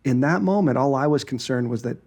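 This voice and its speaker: A man's voice: mid-range voice, lively intonation, brisk, darkish tone, highs cut off. A man co-hosting a podcast, talking thoughtfully and restarting his sentences as he reflects. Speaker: podcast co-host. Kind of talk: reflective casual chat.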